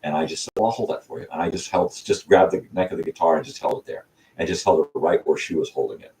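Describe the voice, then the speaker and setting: A man's voice: rumbling low, fairly even intonation, quick pace, dark tone. An older man hosting his own channel, telling a casual, rambling story full of ums and restarts. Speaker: channel host. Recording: distant mic with faint hiss.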